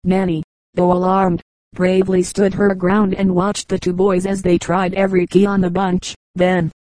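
A woman reading an audiobook in steady, measured scripted narration. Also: on the low side, dry recording, poor audio. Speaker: audiobook reader.

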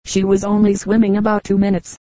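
A woman's voice: mid-range voice, completely flat delivery, a little fast, dark tone, no echo, natural voice. Woman reading as an old man chiding his wife. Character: older riverboat pilot husband, mildly objecting.

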